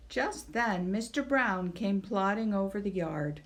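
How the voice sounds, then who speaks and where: Slow, gentle storytime librarian woman. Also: mid-range voice, expressive. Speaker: children's librarian. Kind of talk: reading a picture book aloud.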